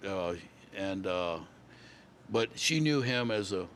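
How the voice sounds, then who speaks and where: Low-voiced older man. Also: lively intonation, slow, fairly bright tone, slight background noise. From Louisiana. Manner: rambling, repeats and restarts words. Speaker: guest musician. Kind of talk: casual storytelling interview.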